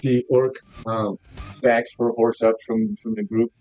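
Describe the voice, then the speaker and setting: A man running a tabletop role-play game as game master, narrating haltingly with many pauses. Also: mid-range voice, big pitch swings, gravelly, darkish tone, dull audio, soft background music. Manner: halting, with many ums and restarts.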